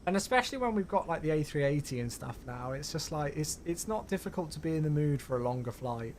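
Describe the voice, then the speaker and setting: Chatty male flight-sim streamer, high voice. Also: animated, quick pace, darkish tone, a little hiss or hum. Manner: chatty, greets viewers by name. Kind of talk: casual live-stream commentary.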